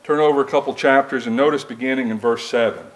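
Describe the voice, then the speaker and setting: A man's voice: mid-range voice, a little hiss or hum, rough recording. A male preacher giving a sermon, reading scripture aloud and asking the congregation plain rhetorical questions.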